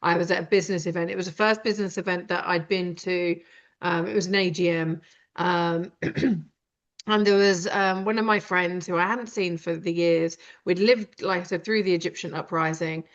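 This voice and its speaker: Hosting a live conversation, a woman from Britain speaks directly at normal speed in a low, steady voice, rambling and using lots of fillers. The audio is dull and lo-fi.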